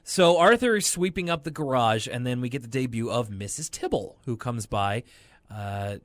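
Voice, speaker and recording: A young adult man co-hosting a podcast, recapping a cartoon episode in a rambling, animated way with lots of fillers. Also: medium pitch, normal speed, no echo. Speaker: podcast co-host. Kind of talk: casual chat recapping a cartoon.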